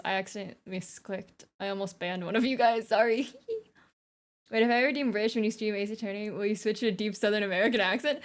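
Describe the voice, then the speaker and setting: A woman's voice: medium pitch, fast talker. A young woman streaming a game, chatting casually and giggling as she reads dialogue aloud. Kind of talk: casual chat while playing a game.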